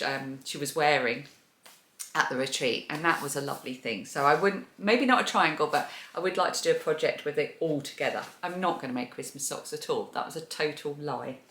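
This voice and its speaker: A woman's voice: low voice, a bit bright. A woman hosting a crochet and knitting podcast. She chats casually while showing yarn and laughs at her own poor memory. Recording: echoey room.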